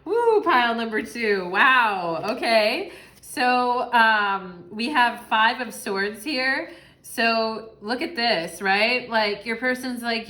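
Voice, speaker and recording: A young woman doing a casual pick-a-card tarot reading, chatty and sassy, with frequent cursing, who acts out quick little voices. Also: a little high, lively intonation, sharp tone. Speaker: tarot reader.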